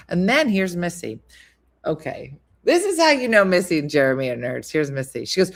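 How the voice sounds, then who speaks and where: A woman's voice: fairly low pitch, very animated, normal speed, vocal fry. A woman hosting a casual live stream, chatting, reading viewer comments and telling stories with frequent laughs. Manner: chatty storyteller, laughs often. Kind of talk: casual chat.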